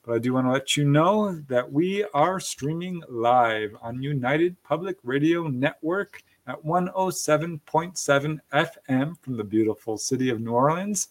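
A man's voice: a little high, expressive, moderate pace, few pauses. A man hosting a live radio and stream talk show, friendly and chatty, checking his notes as he goes. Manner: friendly, chatty, reads station info from notes. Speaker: host.

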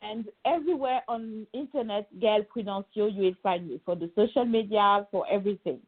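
French-accented woman on a thin line. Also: mid-range voice. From France. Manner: halting, many fillers and restarts. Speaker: guest. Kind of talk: remote interview. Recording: phone-like narrow sound.

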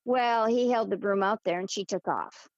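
A woman guest telling a personal story in a casual, animated way, laughing often and restarting with fillers. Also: medium pitch, normal speed, no echo. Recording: dull lo-fi dry recording.

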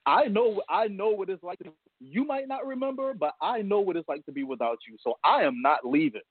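A man's voice: high-pitched, lively intonation, fairly quick, breathy edge, dry recording. Heartfelt man on a tinny phone line. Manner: heartfelt storytelling, laughs often. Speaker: guest, a father. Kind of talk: casual radio interview.

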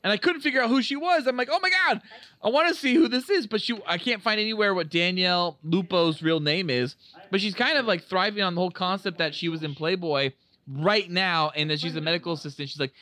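An excitable man co-hosts a casual podcast while watching a film, rambling from one story to the next and swearing freely. His voice sits a little high and sounds bright and forceful. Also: quick pace, no echo. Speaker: podcast co-host. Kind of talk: casual chat over a movie.

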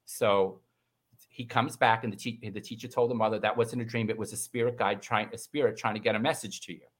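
A middle-aged man telling a personal story in casual conversation, animated and acting out the voices of the people in it. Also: brisk. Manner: animated, acts out quoted voices with big pitch jumps. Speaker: guest.

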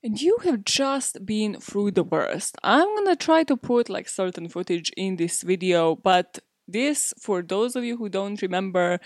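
A woman's voice: medium pitch, expressive, unhurried, few pauses, dry recording. Young woman, podcast host, casual storytelling, chatty filler words, mid-range voice, close dry recording. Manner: chatty, heavy use of "like" and "literally".

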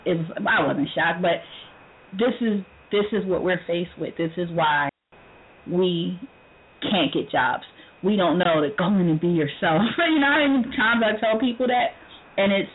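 Woman talk-radio host, lively storyteller who laughs a lot and mimics others; phone-line sound with light noise. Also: lowish voice. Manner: animated storytelling, laughs often, acts out quoted voices. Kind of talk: casual talk radio chat.

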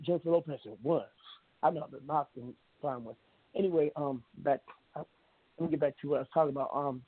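Husky-voiced man over a phone line. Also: on the high side, no echo. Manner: meandering, blunt, many restarts and fillers. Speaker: internet radio talk show host. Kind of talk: rambling monologue. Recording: narrow phone-like sound.

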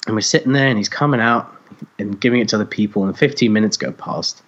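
A man co-hosting a podcast, telling a story in casual chat, animated and swearing freely as he acts out other people's voices. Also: fairly low pitch, fast talker, muffled recording. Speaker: podcast co-host.

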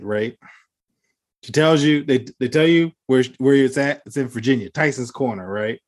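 A podcast co-host talking casually over a video call, telling stories in an animated way and laughing often. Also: medium pitch, moderate pace.

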